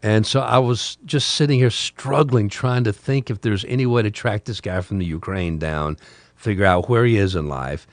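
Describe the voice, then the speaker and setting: A man's voice: lowish voice, normal speed, no room sound. An older man, a podcast host with a talk radio past, casually telling a rambling story with repeated words.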